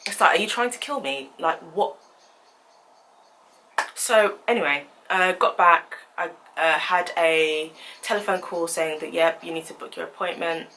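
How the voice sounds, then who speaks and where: Young woman, vlogger, bright voice, animated storytelling, faint background hiss. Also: fairly low pitch, a little slow, low-quality recording. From United Kingdom. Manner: animated, indignant retelling. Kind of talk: storytelling vlog.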